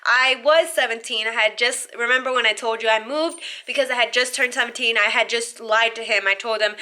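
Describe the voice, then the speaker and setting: A young woman vlogging to camera with a high, bright voice. She tells her story in a lively, blunt way, swears freely, and plays out what everyone said. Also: a little fast, hardly any pauses. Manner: animated, blunt and profane, acts out quoted dialogue. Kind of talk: storytime vlog, talking to camera.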